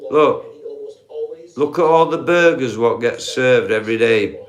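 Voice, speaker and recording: Man, live-stream rant, unhurried and sweary. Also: medium pitch, animated. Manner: profane, laughs at own points, addresses viewers as guys. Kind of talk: ranting live-stream monologue.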